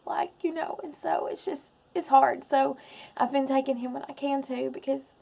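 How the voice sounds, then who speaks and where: A woman in her thirties, speaking in a personal vlog, close to tears, halting with many pauses and ums. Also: high-pitched, fairly even intonation, vocal fry, warm tone. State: close to crying. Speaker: vlogger.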